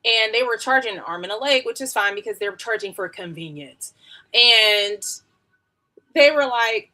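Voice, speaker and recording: Chatty bright-voiced woman livestreamer. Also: medium pitch, expressive, normal speed. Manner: rambling, chatty, slangy, laughs often. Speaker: beauty livestreamer. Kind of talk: casual live-stream chat during a wig tutorial.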